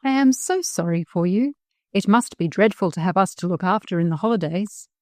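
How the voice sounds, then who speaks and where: A woman's voice: medium pitch, expressive, a little fast, a little mellow, no echo, clean studio sound, natural voice. A woman voicing a polite, scheming young schoolboy who talks earnestly and sweetly. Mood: wheedling.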